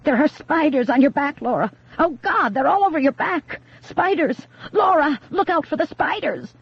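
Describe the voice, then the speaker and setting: A narrator voicing a frantic woman who urgently shouts warnings, in a dull, dry recording. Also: on the high side, big pitch swings, takes it slowly, husky, no room sound, pitched above the performer's own voice, full character voice. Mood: panicked urgency.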